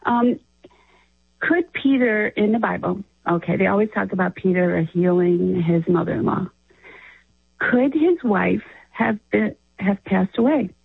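A woman's voice: mid-range voice, animated, unhurried, vocal fry, slightly rough, no echo. A woman calling in to a radio show, talking hesitantly and restarting her sentences. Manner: hesitant, restarts often, laughs while talking. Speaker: caller. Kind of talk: phone-in conversation. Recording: tinny phone line.

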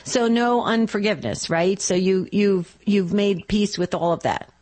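Casting: woman host of a call-in radio show, encouraging, affirming, mid-pitched voice. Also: a little slow, darkish tone.

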